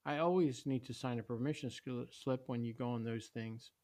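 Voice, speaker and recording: A man's voice: mid-range voice, fairly even intonation, moderate pace, a little mellow, close to an everyday voice. A man voicing a stern, worried mother who speaks sharply and raises her voice. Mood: scolding.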